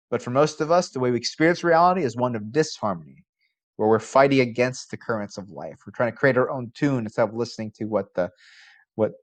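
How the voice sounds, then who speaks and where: A man with a medium-pitched voice lectures on philosophy as a college professor. He poses rhetorical questions in a conversational manner and becomes animated when recounting a story.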